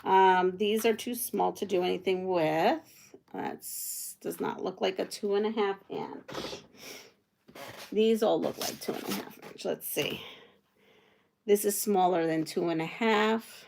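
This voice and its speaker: A woman hosts a relaxed live sewing stream from home, talking with a gravelly edge in her voice. She chats with viewers' comments and thinks aloud as she works, in an everyday, mid-range voice. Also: mid-range voice, measured pace, slight background noise. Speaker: quilting livestream host. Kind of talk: casual live chat while sewing.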